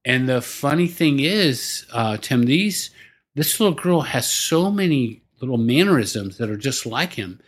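A man's voice: mid-range voice, expressive, measured pace, breathy edge. An older man, a podcast guest and business coach, telling family stories in a rambling, casual way with many restarts and fillers. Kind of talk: casual storytelling.

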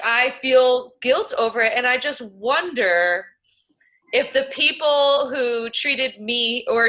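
Earnest woman host with a high, bright voice. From suburbs of New York City. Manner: earnest, sympathetic, grows indignant. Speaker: podcast host. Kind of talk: casual conversation.

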